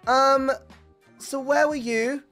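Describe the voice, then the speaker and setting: A man putting on the voice of a stern, sarcastic woman English teacher, with slow, pointed questions. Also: very high voice, fairly even intonation, pushed and bright, soft background music, voice pushed up, exaggerated voice.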